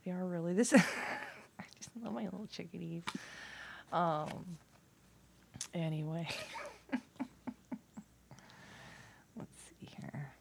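A woman talking casually and at length, profane and rambling, dropping from loud bursts to near-whispers. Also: lowish voice, slow, gravelly, pauses often, a little hiss or hum. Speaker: vlogger.

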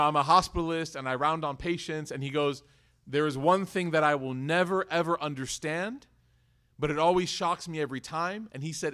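A man with a bright, high-set voice gives a religious talk to a live audience. He tells stories in an animated way and jokes with the listeners, with his pitch rising and falling through the talk. He sounds like he is in his thirties. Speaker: speaker at an Islamic institute.

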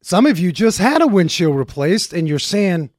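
A man hosting a car talk radio show, joking in an energetic, talkative way. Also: sits high, normal speed, dry recording, studio quality. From Arizona.

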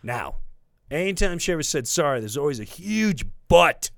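Brief: middle-aged male comedian, lively storyteller, slightly high voice, dry close mic. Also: normal speed, gravelly, no echo. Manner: animated, breaks into loud mock quotes of others. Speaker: comedian guest. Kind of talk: storytelling in casual interview.

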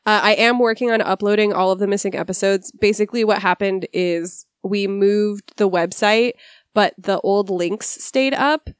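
A woman's voice: mid-range voice, moderate pace, smooth, no room sound, clean studio sound. A woman in her thirties hosting a podcast, wry and often laughing, reading the show outro with some apology. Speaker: podcast host. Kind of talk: casual chat and show outro.

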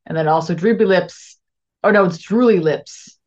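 A woman's voice: lowish voice, moderate pace, darkish tone. A woman playing in a tabletop game over a video call, talking in a hesitant, rambling way. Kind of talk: casual chat. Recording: dull lo-fi video call audio.

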